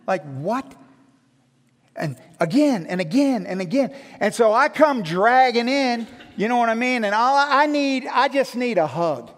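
A man preaching a sermon, telling stories about himself with self-mocking humor and animated delivery. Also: very high voice, normal speed, few pauses, big-room sound. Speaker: pastor.

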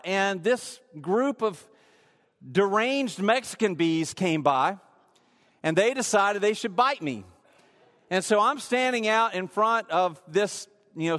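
Man, pastor, casual rambling sermon, high voice, long hall echo. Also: fairly bright tone. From rural area. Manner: casual, storytelling with many fillers. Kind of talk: sermon with a personal story.

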